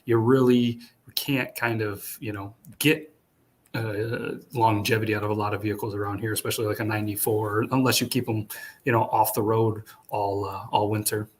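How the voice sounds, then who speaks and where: A man from upstate New York hosting a casual chat, relaxed and rambling with lots of fillers. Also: fairly low pitch, moderate pace. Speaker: podcast host. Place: hotel room.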